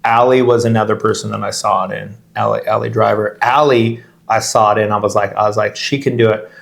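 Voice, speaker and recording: A man's voice: on the low side, level tone, a little fast, creaky. A middle-aged man co-hosting a podcast, chatting casually in long rambling stories that he keeps interrupting and restarts, laughing as he goes. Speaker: podcast co-host, real estate agent.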